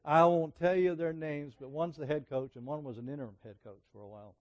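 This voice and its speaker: A middle-aged man preaching a sermon, telling personal stories in a conversational way that swings from emphatic peaks to quiet asides. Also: fairly high pitch, fairly even intonation, quick pace, muffled recording.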